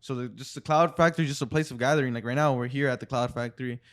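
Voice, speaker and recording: A man chatting on a podcast, words tumbling out quickly. His voice sits at an ordinary middle pitch. He tells stories loosely, with plenty of swearing. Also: fairly bright tone. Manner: fast, profane storytelling. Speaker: podcast guest, studio owner. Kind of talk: casual podcast chat.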